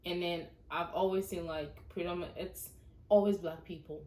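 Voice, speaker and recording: A woman from Ghana, a podcast guest in casual chat, soft-spoken and measured. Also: fairly low pitch, fairly even intonation. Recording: echoey room.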